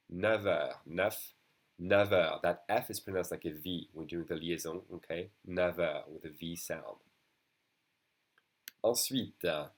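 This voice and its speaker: Deep-voiced French man teaching. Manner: explains patiently, repeating words slowly. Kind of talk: beginner language lesson.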